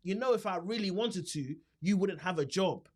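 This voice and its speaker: A man, a comedian guest on a podcast, talking casually in an animated, rambling way and laughing often. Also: high voice, moderate pace. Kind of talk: casual chat. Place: podcast studio.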